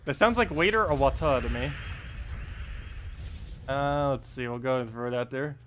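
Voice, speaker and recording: A man with a medium-pitched, fairly bright voice talks at normal speed, with slight background noise and faint game music behind him. He's a gaming live streamer giving casual commentary, thinking aloud about his moves and using lots of filler words.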